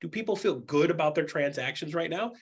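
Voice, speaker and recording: Coaching real estate agents, this man talks fairly quickly in a fairly high, slightly rough voice. His animated, blunt, joking manner includes voicing the people he quotes and going over his points more than once.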